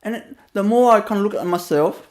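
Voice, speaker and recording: A man's voice: high-pitched, fairly quick, darkish tone. Vietnamese-accented man, laughing as he talks. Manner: laughs often, loose and rambling with many fillers. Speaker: spiritual teacher. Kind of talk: storytelling webinar talk.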